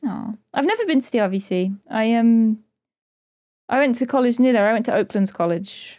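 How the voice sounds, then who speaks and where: A woman's voice: a little high, expressive, a little mellow. A woman co-hosting a podcast, teasing and laughing easily in casual chat. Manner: playful, teasing, quick to laugh. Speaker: podcast co-host.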